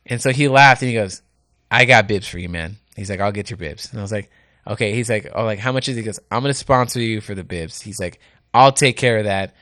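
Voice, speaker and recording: A man who hosts radio, chatting casually on a podcast and telling animated stories that act out the people he quotes. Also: lowish voice, fast, no room sound, studio quality. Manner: animated, acts out quoted people, laughs often. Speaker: radio host and race organizer. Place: indoor podcast studio.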